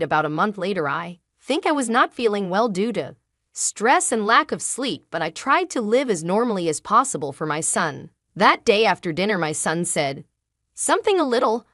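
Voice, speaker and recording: A woman narrating a first-person dramatic story in an emotional, halting way. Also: mid-range voice, big pitch swings, fairly bright tone, no echo, clean studio sound.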